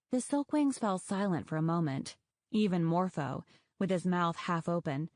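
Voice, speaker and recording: A woman narrating an audiobook in a measured, even way. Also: fairly low pitch, dry recording, studio quality. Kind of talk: scripted narration.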